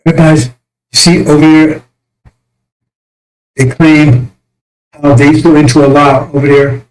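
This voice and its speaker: A man's voice: fairly high pitch, flat delivery, measured pace, low-quality recording. A man delivering an impassioned religious rant as a self-styled messenger, fiery, crude and mocking.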